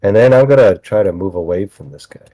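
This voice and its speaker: A man playing a tabletop game, calmly talking through his moves and the rules. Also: fairly low pitch, fast, no echo, soft background music. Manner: matter-of-fact, talks through game rules. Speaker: player. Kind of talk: casual tabletop play.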